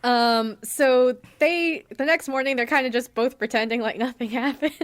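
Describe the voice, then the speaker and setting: A woman's voice: high-pitched, normal speed. A young woman co-hosting a podcast in casual chat, laid-back, recapping and adding short agreeing murmurs. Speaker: podcast co-host.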